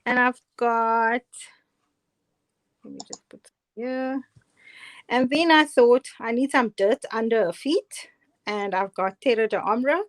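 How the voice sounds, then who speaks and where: A middle-aged woman with a Cape Town South African accent, casually demonstrating card making, chatty and self-deprecating with frequent laughs. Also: fairly high pitch. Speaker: guest crafter demonstrating cards. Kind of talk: casual live craft demonstration.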